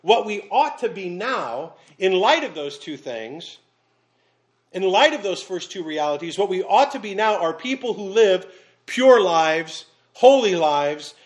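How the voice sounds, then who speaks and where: Earnest preaching man, fairly high voice. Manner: earnest preaching with dramatic pauses and sudden slowdowns; storytelling with fillers and restarts. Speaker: pastor. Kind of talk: sermon.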